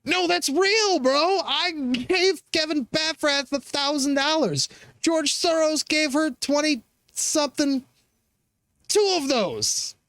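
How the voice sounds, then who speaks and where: A man's voice: very high voice, slow, fairly bright tone, dry recording. A man hosting a commentary show, reacting to political clips in a profane, sarcastic, rambling rant full of restarts.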